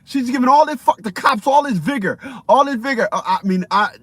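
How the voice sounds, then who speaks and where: A man's voice: extremely high pitch, lively intonation, a little fast, a bit bright, slightly rough, dry recording. A man ranting profanely in a rambling, repetitive commentary vlog. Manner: profane, rambling, repeats himself. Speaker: vlogger.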